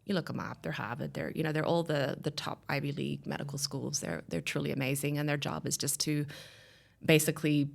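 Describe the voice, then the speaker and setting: Woman, 30s, podcast guest; low, strongly gravelly voice, earnest, rambling delivery. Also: steady tone, brisk. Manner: earnest, rambling with many restarts and fillers. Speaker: guest telling her story. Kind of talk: podcast interview, personal story.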